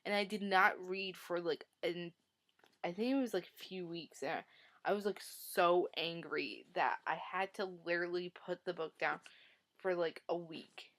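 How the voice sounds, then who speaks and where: A woman's voice: fairly low pitch, fairly even intonation, a little slow, fairly bright tone. A woman talking casually about a book she read, retelling the plot with lots of "like" and strong feelings about the characters. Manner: chatty, heavy use of "like", emotional retelling. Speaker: book reviewer. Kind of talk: casual book review vlog.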